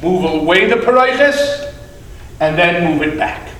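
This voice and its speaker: Rabbi giving a sermon, a man with a high, lively voice, picked up from a distant mic. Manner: animated, drawn-out emphatic phrasing. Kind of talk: sermon with storytelling. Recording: echoey hall, mic at a distance.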